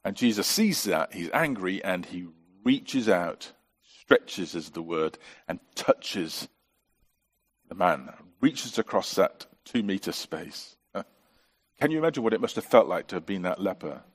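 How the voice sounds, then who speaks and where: Earnest man preaching, lower voice. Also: very animated, a little slow. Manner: earnest, asks many rhetorical questions. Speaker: pastor. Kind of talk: sermon.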